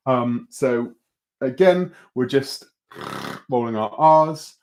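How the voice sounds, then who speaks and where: A man's voice: medium pitch, takes it slowly. A young man teaching an online beatbox workshop, easygoing and encouraging, with lots of ums and restarts as he explains. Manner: relaxed, encouraging, full of fillers and restarts.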